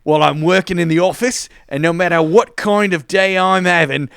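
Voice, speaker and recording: A man's voice: high voice, moderate pace, gravelly, fairly bright tone, clear, resonant tone, dry recording, studio quality. A man doing a chirpy New Zealand lady. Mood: cheery. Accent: attempted New Zealand, drifting. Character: cheerful female listener from New Zealand.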